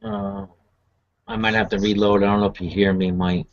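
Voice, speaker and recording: A man's voice: fairly low pitch, level tone, moderate pace. Laid-back man on a video call. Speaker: participant in an online chat. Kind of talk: casual group chat. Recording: muffled video call audio.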